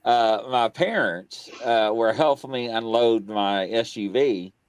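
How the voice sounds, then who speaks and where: A man's voice: medium pitch, slow pace, smooth, no echo. A man co-hosting a casual podcast, telling a story animatedly and acting out the dialogue. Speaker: co-host.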